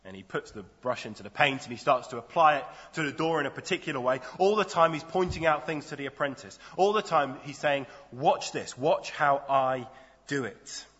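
A man's voice: fairly high pitch, quick pace, few pauses, pushed and bright. A man preaching a sermon in a conversational, storytelling way. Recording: dull lo-fi sound in a reverberant hall.

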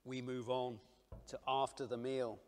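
A man preaching a sermon, earnest and dramatic, dropping to hushed near-whispers and then rising to loud emphasis, asking his listeners direct questions. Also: mid-range voice, flat delivery, a little slow.

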